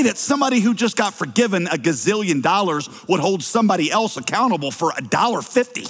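A man's voice: high voice, big pitch swings, fast, hardly any pauses, husky. A middle-aged man preaching a sermon, telling a story and acting out its characters with big swings in his voice. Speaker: pastor. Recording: long hall reverb.

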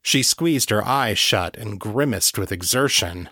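A man reading a story aloud in a steady, measured scripted narration. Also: lowish voice, no echo, studio quality. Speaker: audiobook narrator.

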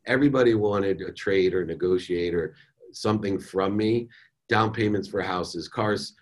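A middle-aged man speaks as a guest on a podcast, recounting his own life lessons. His voice sits on the low side, and his delivery is candid and animated, with casual words like "man" and "dude" scattered through it. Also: normal speed. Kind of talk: personal storytelling in an interview.

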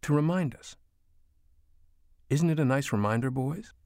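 A man's voice: medium pitch, animated, unhurried, a little mellow, dry recording, clean studio sound, pitched above the performer's own voice. A male audiobook reader voicing a bossy, doting older mother who exclaims and insists. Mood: fond, teaching. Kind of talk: audiobook character voice.

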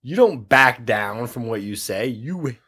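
A man co-hosting a podcast in casual chat, making teasing, deadpan jabs. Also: medium pitch, unhurried, husky. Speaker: podcast co-host.

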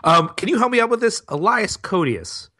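A man with a bright, fairly high voice talks casually as a podcast guest. He rambles through his points with lots of "like" and the odd curse word. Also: very animated, normal speed. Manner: loose and profane, with frequent fillers. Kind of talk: casual film-review chat.

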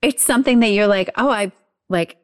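A woman's voice: mid-range voice, fairly quick. A woman chatting casually, enthusiastic and agreeable, laughing easily. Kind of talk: casual chat.

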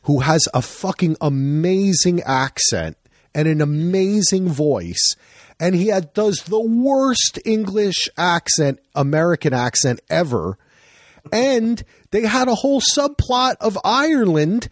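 Animated, swearing podcast host man. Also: high voice, slow pace, dry recording, clean studio sound. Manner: animated, profane, rambling. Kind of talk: casual podcast chat.

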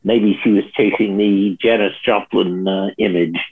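A man speaking in a recorded interview clip, measured and matter-of-fact. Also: on the low side, fairly even intonation, husky. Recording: tinny phone-like line.

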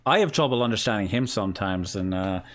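A man's voice: lowish voice, expressive, a bit bright. A man from Cork speaking with an Irish accent, hosting a casual stream chat and joking with a guest. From Ireland. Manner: joking, laughs often, fast restarts. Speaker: streamer host.

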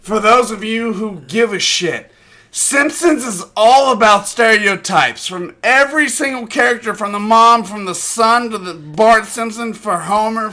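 A tipsy man co-hosting a casual podcast, ranting loudly and swearing a lot. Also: high voice, unhurried. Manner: profane, loud, ranting. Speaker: podcast co-host. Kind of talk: casual drunken rant.

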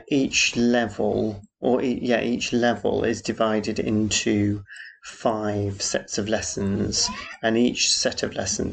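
A middle-aged man chats on his solo podcast, wandering from one thing to the next with self-deprecating asides. His voice sits low. It has a gravelly, creaky edge. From Yorkshire, England. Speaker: podcast host. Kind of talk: casual solo podcast chat.

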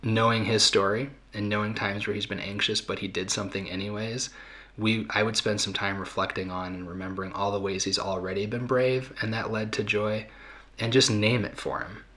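Bright-voiced middle-aged man, thoughtful talk. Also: fairly low pitch, steady tone, a little fast. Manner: thoughtful, conversational, with fillers and restarts. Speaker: podcast host. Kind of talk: reflective talk answering listener questions.

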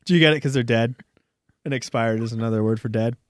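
A man co-hosting a podcast in casual chat, deadpan, spelling out his own puns. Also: medium pitch, fast, dry recording, studio quality. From Denver area. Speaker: podcast co-host.

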